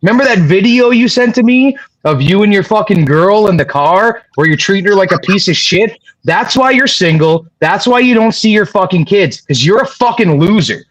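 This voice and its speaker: A man's voice: high voice, expressive, normal speed, few pauses, low-quality recording. A man on a livestream panel, furiously cursing out a chatter in a long profane rant. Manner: angry, profane ranting at a chatter.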